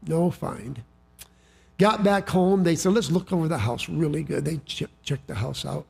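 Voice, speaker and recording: Man, pastor, high voice, folksy sermon, stumbling restarts. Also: normal speed, gravelly, a little mellow, breathy edge. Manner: folksy storytelling with frequent restarts.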